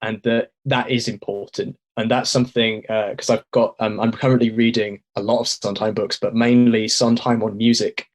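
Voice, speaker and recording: A man's voice: lowish voice, little pitch movement, moderate pace, few pauses. A man appearing as a podcast guest, talking casually in an admiring and thoughtful way, with frequent fillers. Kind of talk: casual chat.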